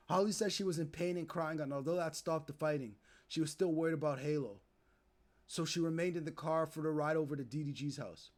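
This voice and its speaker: A young man streaming, ranting to his chat in animated, profane commentary and acting out the people he talks about. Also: a little high. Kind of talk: casual commentary to live chat.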